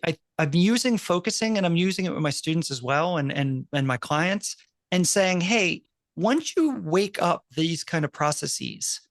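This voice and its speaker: A man, a university professor, speaking in casual conversation as an animated storyteller, full of quick asides and restarts. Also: on the high side, no echo. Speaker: university professor and podcast co-host.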